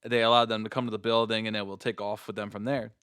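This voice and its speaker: A man's voice: on the low side, flat delivery, fast, fairly bright tone, clear, resonant tone, no room sound. Guy hosting a podcast, swearing and laughing through a story, dry sound. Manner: profane and laughing. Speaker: podcast host. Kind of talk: casual storytelling.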